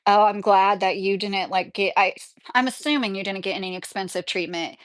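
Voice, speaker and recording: A woman's voice: medium pitch, fairly even intonation, brisk, no echo, studio quality. A woman from New Jersey hosting a livestream, chatting casually and reading viewer comments, rambling and laughing often. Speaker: livestream host.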